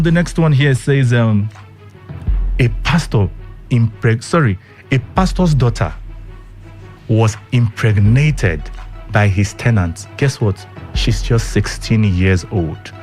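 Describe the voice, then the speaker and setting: A man's voice: on the low side, a little mellow. A man hosting a radio show, talking casually to listeners and asking them questions with plenty of ums. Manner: chatty, talks straight to listeners with rhetorical questions and many ums. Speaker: radio host. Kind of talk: casual radio chat and news rundown. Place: radio studio.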